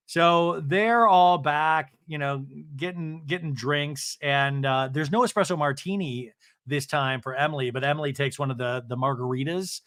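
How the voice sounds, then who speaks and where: A man's voice: a little high, fairly bright tone, no echo, clean studio sound. A man hosting a podcast, chatting casually through a recap with playful asides. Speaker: podcast host.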